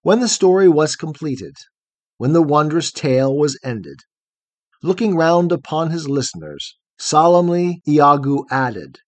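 A man reads a long poem aloud in a steady, rhythmic cadence. His voice sits a little high, and the sound is close and dry, with no room around it. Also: measured pace, dry recording. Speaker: audiobook narrator. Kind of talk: scripted poetry narration.

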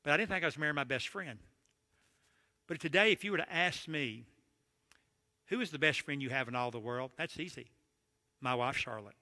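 A middle-aged man preaching a humorous sermon, telling stories with jokes and animated asides in a church or conference hall. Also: fairly high pitch, moderate pace, long pauses. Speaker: marriage conference speaker. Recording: long hall reverb.

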